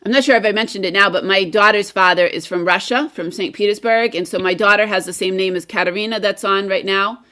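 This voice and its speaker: Bright, upbeat American woman. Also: mid-range voice, fast talker, few pauses. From United States. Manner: enthusiastic, rambling with fillers. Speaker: guest English teacher. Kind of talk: casual video-call chat.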